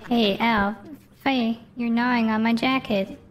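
A woman's voice: a little high, fairly even intonation, measured pace, recorded from a distance, faint music behind, lightly acted. A woman voicing a flustered, folksy game character hosting a housewarming party. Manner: exclaiming, folksy.

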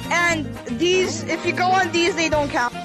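High-voiced woman hosting a game video. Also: unhurried. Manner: bossy, excitable, repeats words. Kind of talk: casual gameplay commentary. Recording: game music playing under voice. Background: game music.

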